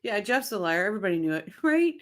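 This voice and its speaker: Quick-paced and sing-song, with a medium pitch, a woman from Ontario, Canada hosts a relaxed livestream. She reads the viewer chat aloud, chats with people by name and laughs frequently.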